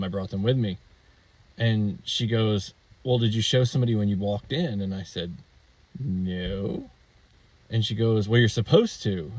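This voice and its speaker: A man's voice: on the low side, darkish tone, dry recording. A man vlogging about a DIY project, telling a shopping story in a casual, rambling, amused way with fillers and restarts.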